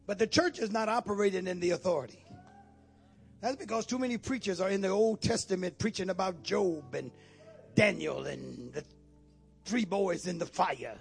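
Man, pastor, sermon, gravelly, husky, shouted bursts between low murmurs.

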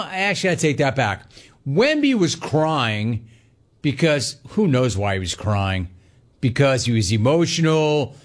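Sarcastic sports radio host, man. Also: fairly high pitch. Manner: sarcastic, mocking, animated. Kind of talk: sports talk radio monologue.

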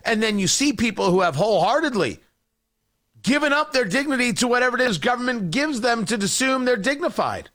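A man's voice: very high-pitched, lively intonation, fairly quick, fairly bright tone. A man hosting a talk radio show, delivering a combative, mocking political monologue.

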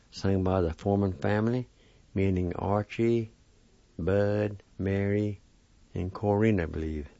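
A man with a deep, dark voice teaches vocabulary at a slow, patient pace, spelling words out letter by letter and saying each one again and again. The recording is dry and dull, like an old lo-fi radio broadcast. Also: creaky, no echo. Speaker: language teacher on a radio program.

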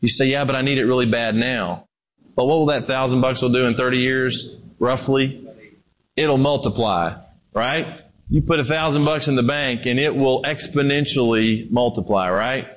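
A man preaching a sermon in a conversational way, moving between loud emphasis and quiet, low passages. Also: normal speed, rough recording.

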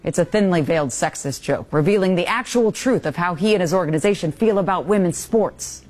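A woman news anchor delivering scripted commentary in a measured, pointed way. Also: lowish voice, expressive, darkish tone.

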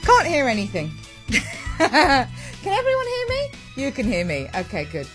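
A woman hosting breakfast radio, chatting in a lively, self-mocking way with lots of asides. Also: high-pitched, a little slow, music in the background. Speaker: radio host. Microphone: studio mic with headphones.

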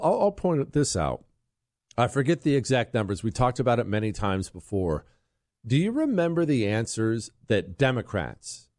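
A man's voice: mid-range voice, no echo, clean studio sound. A man hosting a talk radio show, combative and emphatic, delivering an opinionated monologue and a live ad read. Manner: combative, emphatic, rising to loud peaks. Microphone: studio microphone.

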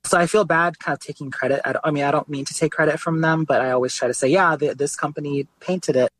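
A man being interviewed as a guest artist, telling his story in a relaxed, casual way, often saying "like" and "you know". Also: fairly high pitch, fast, no echo, low-quality recording.

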